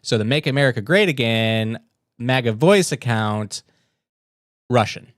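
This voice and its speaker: A man's voice: mid-range voice, animated, a little slow, pauses often, no echo, studio quality. A man hosting a casual political news livestream, sarcastic and mocking as he reads posts aloud and comments on them. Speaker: livestream host.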